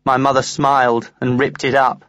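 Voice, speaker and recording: A man reading a comic diary aloud in the first person, earnest and lively. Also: mid-range voice, moderate pace, dry recording. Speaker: audiobook reader.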